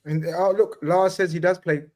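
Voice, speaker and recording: An excitable man hosts a casual live stream, greeting viewers by name and swearing loosely. His voice sits a touch higher than most men's, and he keeps the chat lively. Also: normal speed, over a noisy crowd. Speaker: host.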